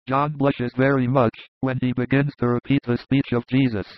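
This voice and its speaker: A man narrating an audiobook in a plain, measured way. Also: mid-range voice, level tone, no room sound, lo-fi sound.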